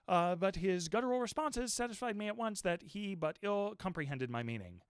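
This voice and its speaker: A man reading a classic novel aloud as an expressive, animated audiobook narrator. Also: fairly high pitch, a little fast, hardly any pauses, no echo, clean studio sound.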